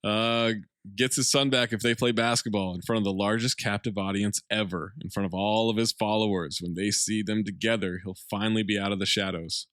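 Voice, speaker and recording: A man recaps a film scene by scene in an easy podcast chat. He slips in deadpan asides as he goes. The mic is close and dry. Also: lowish voice, brisk, no room sound. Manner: plot-summarizing, dry jokey asides. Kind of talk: casual movie recap podcast.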